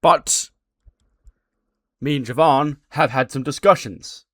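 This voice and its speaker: A man's voice: medium pitch, slow pace, a bit bright, no room sound, clean studio sound, pitched above the performer's own voice. A man voicing a formal male authority figure, patient and slightly sarcastic.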